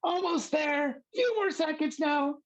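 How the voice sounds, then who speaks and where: A man voicing an upbeat male yoga teacher who pushes the class to work harder, in a cheering voice. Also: a little slow. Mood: pumped, urging. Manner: high, pushy, cheering.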